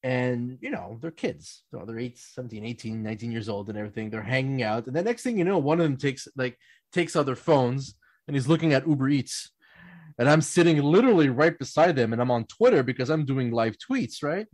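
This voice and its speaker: A man hosts a casual sports podcast, spinning animated stories with easy laughter. His pitch sits in the middle range. The sound is dry and close, with almost no room around it. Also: a little fast, no echo. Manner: animated anecdotes, quotes others in playful voices, laughs often. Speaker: podcast host. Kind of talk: casual storytelling chat.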